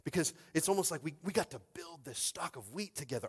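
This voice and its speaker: A male pastor preaching a sermon in a conversational style, swinging between loud exhortation and hushed speech and often asking the crowd if they are with him. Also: on the high side, animated, quick pace, few pauses, breathy edge, big-room sound. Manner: conversational, asks the crowd for response.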